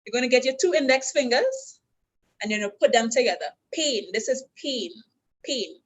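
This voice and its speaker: A woman's voice: high-pitched, animated, brisk, husky, poor audio. A woman with a Trinidadian accent teaching basic sign language step by step at a university orientation, patient and instructional. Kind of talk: teaching a class.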